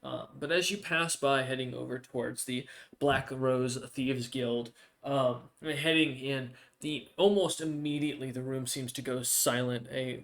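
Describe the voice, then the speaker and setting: A man's voice: mid-range voice, a bit bright. A man narrating a tabletop game as game master, rambling with lots of fillers and self-corrections.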